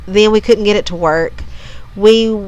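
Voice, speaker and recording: A woman's voice: mid-range voice, measured pace, darkish tone, smooth, dull audio. A woman co-hosting a podcast in casual chat, rambling with frequent restarts. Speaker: podcast co-host.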